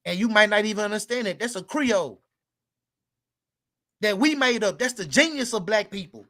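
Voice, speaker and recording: A man from Houston presents his side of an online debate in a high, lively voice. He talks loud and boastful, full of street slang and swearing, as if over a voice call. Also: moderate pace. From Houston, Texas.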